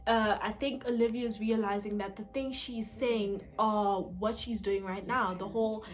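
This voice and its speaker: A woman's voice: mid-range voice, steady tone, measured pace. A woman casually recapping a TV episode, talking in a chatty way with lots of fillers and asides. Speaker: TV episode reviewer.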